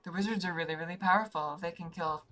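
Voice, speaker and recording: A woman voicing a friendly, childlike giant talking spider in a video game, with a bright, higher and louder voice than her own. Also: fast, natural voice. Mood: cheerful. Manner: bouncy, cheerful, childlike.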